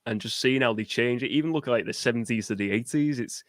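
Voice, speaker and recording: A man's voice: medium pitch, fast talker, dry recording, clean studio sound. A man as a guest on a live movie chat, talking casually with many restarts and fillers. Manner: hesitant, lots of fillers and restarts. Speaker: guest podcaster.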